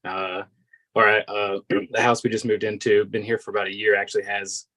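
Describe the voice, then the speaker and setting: A man's voice: on the low side, flat delivery, fairly quick, bright, forceful tone, low-quality recording. A man from Virginia with a Southern accent, a guest chatting on a video call in a laid-back, hesitant way. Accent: Southern American. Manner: laid-back, hesitant, lots of ums and uhs. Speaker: guest artist. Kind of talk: casual chat on a video call.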